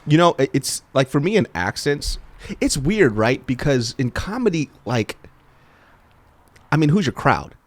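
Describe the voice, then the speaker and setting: Guest comedian: man from California, bouncy up-and-down pitch, laughs a lot, salty talk. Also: measured pace, no echo. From Sacramento, California. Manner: laughs often, animated and profane. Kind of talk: casual podcast chat.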